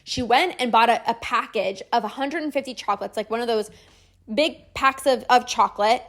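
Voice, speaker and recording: A woman podcaster and binge-eating coach gives a promotional monologue at a moderate pace, selling her program with bright energy and plenty of "like" fillers. Her voice runs slightly high for a woman, and she sounds casual and persuasive rather than scripted.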